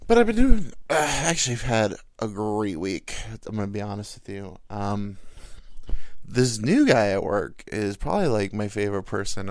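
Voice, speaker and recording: A man's voice: lowish voice, creaky, no room sound. A man hosting a podcast, telling a rambling, self-deprecating comic story on a close mic. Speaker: podcast host. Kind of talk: casual comedic monologue.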